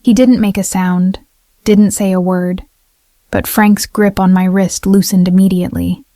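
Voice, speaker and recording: A woman narrating a dramatic first-person story in a steady, even way. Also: medium pitch, measured pace, no room sound, clean studio sound.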